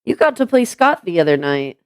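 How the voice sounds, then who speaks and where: Low-voiced chatty woman streamer. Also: sing-song, fairly quick, no echo. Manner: rambling, chatty, many fillers and restarts. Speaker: streamer hosting a voice chat. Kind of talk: casual live-stream chat.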